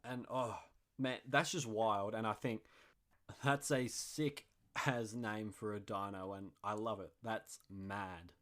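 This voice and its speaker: A young man hosting a podcast, chatting casually in an excitable, slangy and jokey way. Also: lowish voice, slow pace. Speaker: podcast host.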